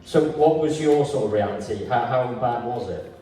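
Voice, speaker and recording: A man interviewing a guest on stage, asking questions hesitantly with many pauses. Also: mid-range voice, mellow, very echoey, far from the mic, rough recording.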